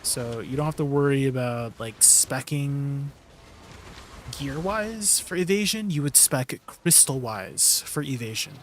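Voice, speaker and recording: A man's voice: mid-range voice, expressive, measured pace, a little hiss or hum. Chill guy streaming a game, talks to chat a lot, mid voice, laughs easy. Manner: chatty and easygoing, many fillers, laughs often. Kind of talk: casual livestream chat with viewers.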